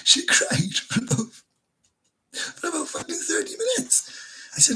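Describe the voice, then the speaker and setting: Chatting casually with his stream viewers, a Welsh host rambles through crude anecdotes in a deeply husky, breathy voice a bit higher than typical for a man. His pitch swings wildly and his tone is pushed and bright, with a measured pace and frequent pauses. He swears constantly, laughs mid-story, and stumbles and restarts, all on a rough recording.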